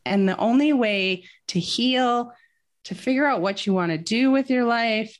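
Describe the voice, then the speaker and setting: A woman's voice: fairly high pitch, unhurried. A woman talking as a guest in a casual interview, telling a personal story in an earnest, reflective way.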